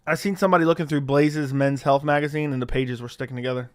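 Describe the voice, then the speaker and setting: A man's voice: on the high side, fairly even intonation, fast talker, few pauses, smooth. A man hosting a live stream, casually reading viewer questions aloud and answering offhand, swearing freely into a studio mic. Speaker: livestream host. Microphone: studio dynamic mic.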